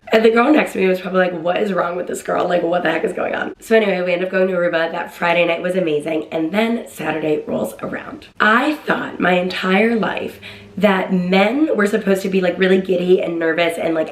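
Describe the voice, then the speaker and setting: Chatty young woman in an echoey room. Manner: chatty, excitable, acts out quotes in a higher voice. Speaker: vlogger. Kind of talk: casual storytime.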